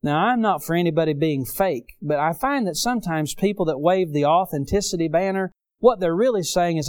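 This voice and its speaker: A man preaching a sermon, rising loud on key phrases and dropping low for stories. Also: brisk, few pauses. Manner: impassioned, swells loud on key phrases then drops low.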